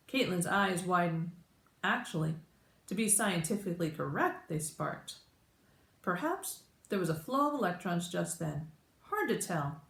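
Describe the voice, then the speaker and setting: A woman teacher reading a children's storybook aloud with animated, expressive narration. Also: on the low side, measured pace, creaky. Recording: roomy echo.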